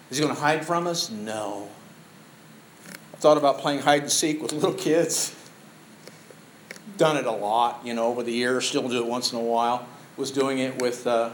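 A man's voice: mid-range voice, reverberant, slight background noise, rough recording. An older man preaching a sermon in an earnest, storytelling way, building to emphatic peaks. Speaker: pastor.

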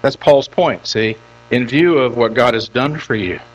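A man's voice: medium pitch, a little slow, dull audio. An older man preaching a sermon as pastor, emphatic and repeating phrases for stress.

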